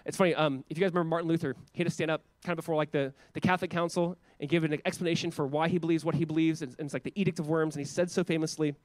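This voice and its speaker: A male pastor preaches in a quick, slightly high voice that rushes ahead. He speaks casually and animatedly, stumbling into restarts and acting out quoted voices. The sound is close and dry, with no room around it. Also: fairly even intonation, darkish tone, dry recording. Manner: acts out quoted voices with raised pitch. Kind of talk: sermon.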